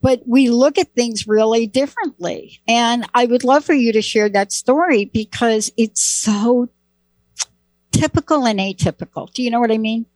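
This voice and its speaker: A woman's voice: a little high, fairly even intonation, moderate pace, hardly any pauses, darkish tone, no room sound. A woman hosting a talk show, chatting in an enthusiastic, conversational way. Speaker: host. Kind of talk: casual talk show chat.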